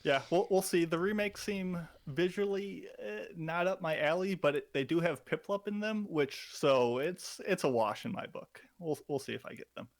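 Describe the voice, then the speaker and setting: A man's voice: on the high side, moderate pace, hardly any pauses. A man co-hosting a podcast, chatting casually with a laid-back, dry sense of humor. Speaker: podcast co-host. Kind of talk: casual chat.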